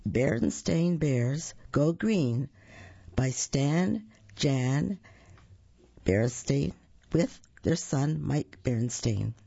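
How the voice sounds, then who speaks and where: Storybook reader, very slow and gravelly, dull lo-fi dry recording. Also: medium pitch, dark tone, dry recording. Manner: slow, drawn-out storytelling with sound effects. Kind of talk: reading a children's picture book aloud.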